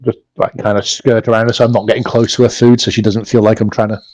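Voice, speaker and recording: A man's voice: on the low side, level tone, fast, darkish tone. A man playing his character in a tabletop role-play game, slipping into a put-on accent as he talks. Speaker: player. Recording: dull lo-fi dry mic.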